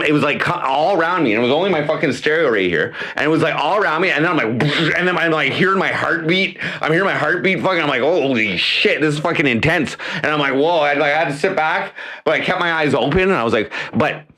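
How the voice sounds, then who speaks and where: A man's voice: a little high, lively intonation, fast talker, hardly any pauses, sharp tone. A man hosting a casual livestream from home, rambling and profane, with many restarts. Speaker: livestream host; mayoral candidate.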